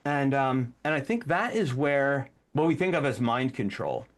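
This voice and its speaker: On the podcast he co-hosts, a man speaks at a normal pace with a medium pitch, chatting in an easygoing, animated way. Mid-sentence, he acts out commands to illustrate his points.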